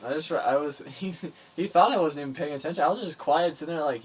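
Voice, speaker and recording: A young man co-hosting a podcast in casual chat, joking around with sarcastic asides and loud bursts. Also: a little high, fast talker, breathy edge. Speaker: podcast co-host.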